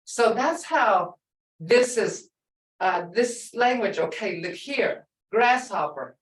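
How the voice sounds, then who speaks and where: A patient middle-aged woman teaches slowly, repeating each word so learners can follow. Her voice sits at a middle pitch. She sounds set back from the microphone in an echoey room. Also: animated. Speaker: language teacher. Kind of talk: live online language lesson. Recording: echoey room, far from the mic.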